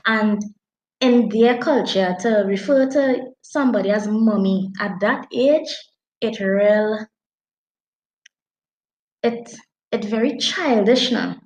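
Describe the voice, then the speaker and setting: A woman with a Trinidadian accent, chatting casually about a book as a podcast co-host, telling it with animated dialect. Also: medium pitch, slow pace, pauses often, reverberant, low-quality recording. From Trinidad and Tobago. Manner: animated, dialect-heavy storytelling. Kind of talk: casual book review chat.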